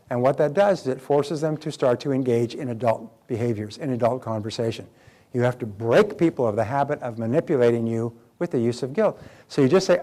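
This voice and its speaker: An older man speaking as a motivational speaker at a seminar. He talks with emphasis, repeats his key phrases and acts out little quoted exchanges, in a voice of middle pitch. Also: lively intonation, a little fast, darkish tone.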